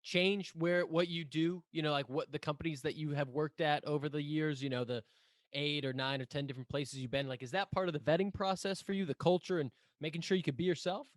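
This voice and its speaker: Male podcast host, a little high, relaxed curious questions, close and dry. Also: brisk, dry recording. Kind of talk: casual interview.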